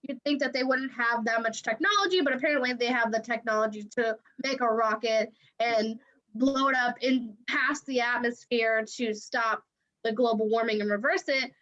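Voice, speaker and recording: High-pitched chatty woman on dull audio. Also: normal speed, fairly bright tone. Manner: chatty, retells scenes animatedly. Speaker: podcast co-host. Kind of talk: casual movie chat.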